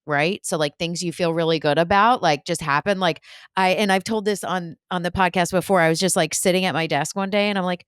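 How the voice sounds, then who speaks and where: A woman hosting her podcast as a spiritual medium, telling stories in an animated way and acting out the quotes in casual conversation. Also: lowish voice, brisk, clear, resonant tone, no echo, clean studio sound. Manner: animated storyteller who acts out quotes.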